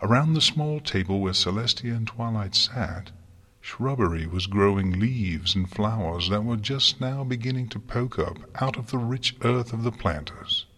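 A man narrating a story in a calm, measured reading style. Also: on the low side. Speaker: audiobook reader.

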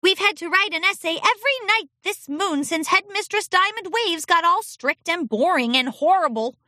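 A woman's voice: extremely high pitch, expressive, moderate pace, pushed and bright, dry recording, studio quality, voice pushed up, exaggerated voice. A woman voicing a grumpy young filly schoolgirl who blurts things out in an exasperated manner.

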